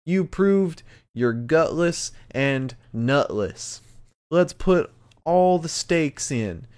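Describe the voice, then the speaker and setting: A man's voice: a little high, lively intonation, extremely slow, a little mellow, smooth, pitched above the performer's own voice. A man voicing a brash male wrestler who taunts a rival and throws down a challenge. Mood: taunting.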